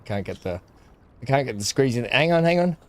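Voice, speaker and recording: A man's voice: mid-range voice, lively intonation, brisk. A man chatting casually while unboxing gifts, muttering asides and talking to his dog. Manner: muttering asides, frequent throat clearing. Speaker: gaming video creator.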